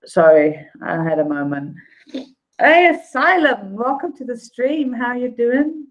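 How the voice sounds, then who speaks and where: A woman's voice: on the high side, lively intonation, unhurried, muffled recording. A woman vlogger chatting on a live stream, rambling and heartfelt with lots of fillers. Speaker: YouTube vlogger. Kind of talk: casual live-stream chat.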